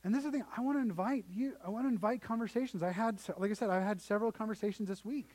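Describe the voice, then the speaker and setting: A man's voice: high voice, racing, darkish tone, rough recording. A young man preaching a sermon in a conversational storytelling way, often restarting sentences. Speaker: pastor.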